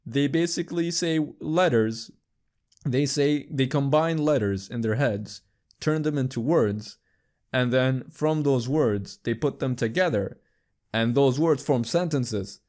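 A young man hosting a podcast, chatting casually in a rambling, profane way and jumping into high squeaky voices for quips. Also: unhurried, a little mellow. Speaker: podcast host. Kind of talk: casual chat.

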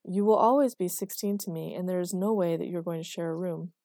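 A stern, proper older mother with a stiff, disapproving manner, voiced by a woman narrator. Her voice is warm and dark, recorded close and dry. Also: fairly low pitch, brisk, no echo, natural voice.

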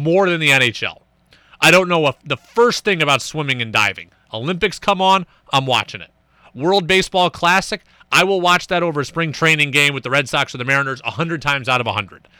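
Bright, energetic young male radio host. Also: fairly high pitch, brisk, clear, resonant tone, no echo. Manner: energetic, emphatic, chatty. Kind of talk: casual radio talk. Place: radio studio. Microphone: studio microphone.

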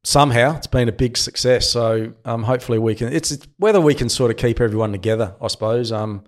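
A man's voice: medium pitch, fast talker. Australian man, early fifties, easygoing guest storyteller, mid-range voice. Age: 50s. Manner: relaxed storyteller, laughs at himself. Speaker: guest, cricket commentator and radio host. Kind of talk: casual interview chat.

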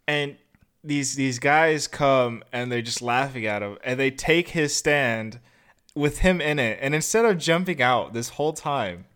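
A man's voice: medium pitch, animated, a little slow, fairly bright tone, clean tone. A young man co-hosting a casual movie review chat, rambling a little and acting out quotes in funny voices. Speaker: podcast co-host.

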